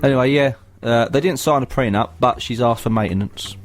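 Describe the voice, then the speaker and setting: A man's voice: mid-range voice, fairly quick. A man co-hosting a community radio comedy show, rambling through newspaper stories and tripping over words. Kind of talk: casual radio banter.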